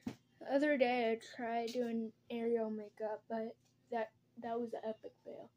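A woman's voice: on the high side, level tone, measured pace, dark tone. A young woman chatting casually as she does her makeup at home, rambling from one topic to the next. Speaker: vlogger. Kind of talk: casual get-ready-with-me chat.

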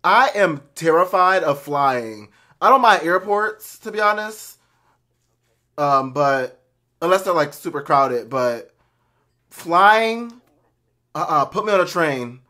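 Movie reactor, man, lively and high-voiced, jumpy, screams and swears at the screen. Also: slow pace, pauses often. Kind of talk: reacting to a film.

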